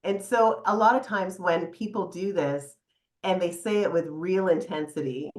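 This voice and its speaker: A middle-aged woman psychotherapist talking casually as a podcast guest, animated, laughing now and then as she explains. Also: on the low side, normal speed. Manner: animated, laughs often, guides listener through exercise. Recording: echoey room.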